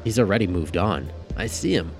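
A man's voice: low-pitched, expressive, brisk, over music. A man narrating a first-person story in a casual, wry storytelling manner.

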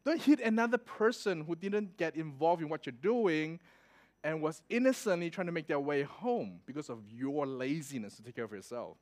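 A young adult man preaching a sermon, telling a personal story in a casual, animated way and laughing as he goes. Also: fairly high pitch, moderate pace. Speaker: pastor.

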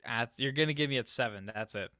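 A man's voice: mid-range voice, fast talker, sharp tone, no room sound, clean studio sound. A man co-hosting a music podcast, chatting casually, blunt and opinionated, often trailing off into hedges. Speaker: podcast co-host. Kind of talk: casual chat about music.

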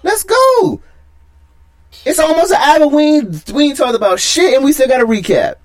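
High, lively man teasing his co-host. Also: fairly quick. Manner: teasing, profane, pushy and animated. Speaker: podcast co-host. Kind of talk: casual heated sports talk.

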